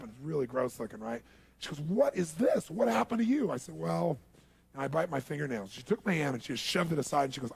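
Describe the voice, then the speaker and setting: A man's voice: medium pitch, creaky, husky. A middle-aged man, a motivational seminar speaker, telling stories to a live audience and acting out the people he quotes. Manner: animated, acts out quoted people, quizzes the audience.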